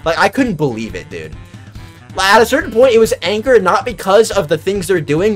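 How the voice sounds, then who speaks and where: A young man streaming, telling a story in an animated, exasperated way and swearing freely. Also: fairly high pitch. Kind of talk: casual storytelling.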